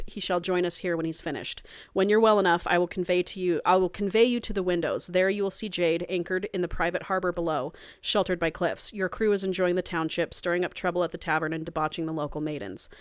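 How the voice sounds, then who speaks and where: A woman reading the lines of a brooding, loyal male pirate in a calm, steady voice. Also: high voice, smooth, no room sound, clean studio sound, lightly acted.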